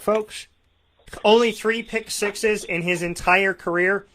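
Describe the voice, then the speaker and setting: A man co-hosting a fantasy football radio show, talking in an animated, emphatic way and addressing listeners as folks. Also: high-pitched, takes it slowly. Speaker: co-host.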